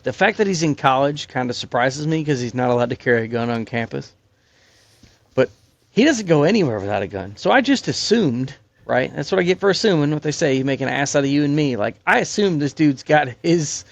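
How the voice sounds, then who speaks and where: A man's voice: mid-range voice, expressive, normal speed, vocal fry, no room sound. A young man on a podcast telling a rambling, profane hunting-camp story in casual chat. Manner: rambling and profane, many fillers. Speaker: podcast guest, hunting crew member.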